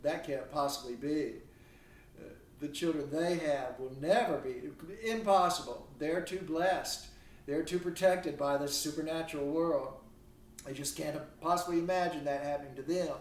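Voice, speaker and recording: A man's voice: on the high side, fairly even intonation, moderate pace, recorded from a distance. A man teaching a literature class online from home, talking in a conversational, digressive way and leaning hard on key words. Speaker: literature instructor. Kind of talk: recorded online lecture. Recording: roomy, off-mic home recording.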